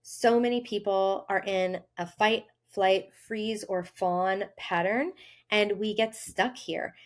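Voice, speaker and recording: A woman hosting a health podcast, talking earnestly in a casual monologue and acting out inner voices with sudden lifts in pitch. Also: steady tone, takes it slowly. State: briefly tearful. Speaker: health coach and podcast host.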